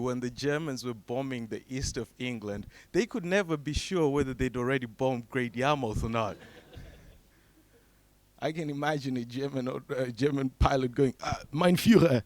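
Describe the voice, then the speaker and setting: A young man from Zimbabwe performing a stand-up comedy set. He delivers low, deadpan setups and then breaks into sudden high, shouted character voices. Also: moderate pace, no echo.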